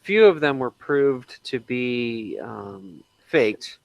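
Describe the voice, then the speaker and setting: Guy hosting a chill group stream, mid-pitch voice, lots of ums and restarts. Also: lively intonation, vocal fry, no room sound. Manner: halting, many ums and restarts, chuckles often. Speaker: livestream host. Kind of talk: casual group chat.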